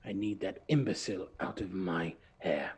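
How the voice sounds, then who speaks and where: A man's voice: sits low, normal speed, breathy edge. A man voicing an ambitious male noble schemer who blusters when confident and stammers when frightened. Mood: angry.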